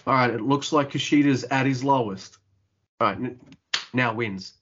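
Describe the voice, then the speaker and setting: A man's voice: medium pitch, moderate pace, fairly bright tone, muffled recording, slight background noise. A man co-hosting a podcast, ranting in casual wrestling chat, exasperated and swearing a lot. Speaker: podcast co-host.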